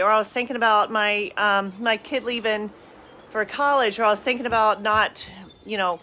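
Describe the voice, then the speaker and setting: A woman's voice: mid-range voice, normal speed, sharp tone. A woman podcast host and coach with a Southern US accent, talking casually and chattily to her listeners, with many fillers and restarts. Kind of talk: casual motivational chat to camera.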